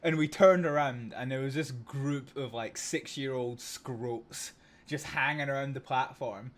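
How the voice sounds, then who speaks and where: Medium in pitch and measured in pace, a young Scot's voice carries a laid-back livestream of a train simulator. He rambles through stories with heavy swearing, filler words, and regular laughter.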